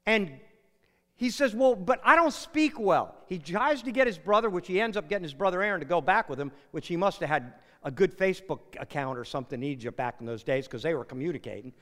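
Guy preaching, high voice that swings all over, chatty story style with little jokes, big echoey hall. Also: lively intonation, a little fast, a bit bright. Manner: conversational storytelling with acted quotes and asides. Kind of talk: sermon. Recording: long hall reverb.

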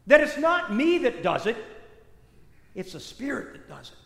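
A parish priest giving a sermon in a church, telling the story in a conversational, animated way with many asides. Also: male voice, extremely high pitch, normal speed, vocal fry, pauses often. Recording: echoey church hall reverb.

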